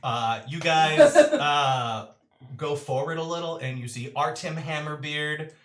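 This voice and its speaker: A man's voice: a little high, big pitch swings, slow, fairly bright tone, echoey room. A man narrating a tabletop role-playing game as game master, with lots of fillers.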